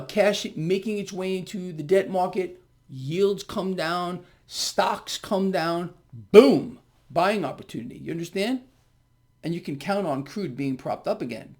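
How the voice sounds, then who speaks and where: A man's voice: high-pitched, a little mellow. A man giving an emphatic market commentary straight to his viewers, repeating his words and often checking in with "okay?" and "people". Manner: calls his audience "people". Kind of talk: direct-to-camera market commentary.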